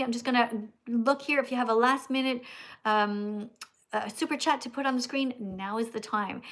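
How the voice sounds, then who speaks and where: A woman's voice: fairly high pitch, fairly bright tone. Emphatic woman hosting a livestream. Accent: American. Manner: emphatic, scolding, repeats herself. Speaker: livestream host. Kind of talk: casual livestream chat.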